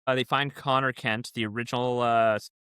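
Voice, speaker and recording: A man's voice: medium pitch, fairly even intonation, fairly quick, a bit bright, clear, resonant tone, no room sound. A man co-hosting a podcast, explaining things in a rambling, casual way. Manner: rambling, explains comic continuity at length. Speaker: podcast co-host. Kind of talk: casual chat.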